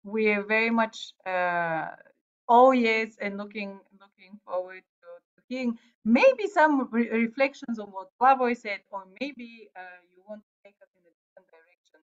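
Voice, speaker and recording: A woman's voice: fairly high pitch, normal speed, muffled recording. A woman moderating an online panel discussion in a polite, firm way.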